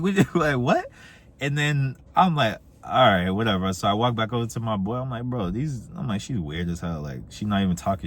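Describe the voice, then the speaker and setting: A young man telling dating stories in a casual, animated way, acting out the quoted voices. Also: a little hiss or hum. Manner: animated, acts out quoted voices with big pitch jumps. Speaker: dating advice vlogger. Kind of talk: casual storytelling monologue.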